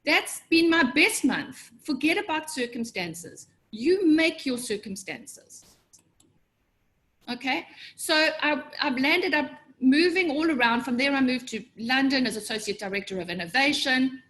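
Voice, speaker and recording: A middle-aged woman giving a motivational webinar as a business coach, animated, often acting out voices in her head with sudden leaps in pitch. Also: unhurried.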